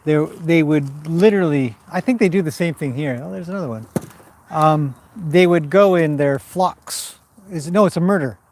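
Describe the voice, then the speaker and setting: A man's voice: a little high, moderate pace, darkish tone, a little hiss or hum. A man from western Canada hosting a casual outdoor livestream, rambling between updates and reading viewer comments aloud. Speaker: livestream host. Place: outdoors by a fire at a horse farm.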